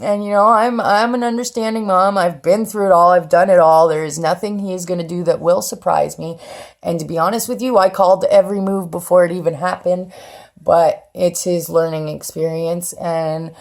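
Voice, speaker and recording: A woman's voice: fairly low pitch, steady tone, normal speed. A woman in her thirties telling her life story on her own channel, blunt and profane, acting out what others said. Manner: blunt and profane, acts out quoted voices. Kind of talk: candid personal storytelling.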